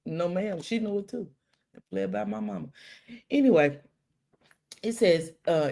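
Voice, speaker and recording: A middle-aged woman tells a personal story on her live stream. Her voice has a gravelly edge, and she acts out the dialogue, dropping to a hush and then climbing high with feeling. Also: moderate pace, long pauses. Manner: animated storytelling with quoted dialogue and dramatic hushes. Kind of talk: casual live-stream talk.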